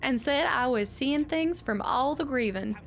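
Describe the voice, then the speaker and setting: Streamer lady doing a slow folksy old widow reading a letter, kinda high. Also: lively intonation, a little hiss or hum. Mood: ominous. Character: bitter grieving old woman, letter writer. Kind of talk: reading game letters aloud in character.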